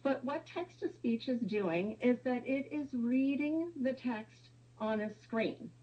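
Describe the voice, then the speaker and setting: A woman's voice: on the high side, animated, slow pace, highs cut off. A woman presenting a webinar, explaining step by step with some fillers.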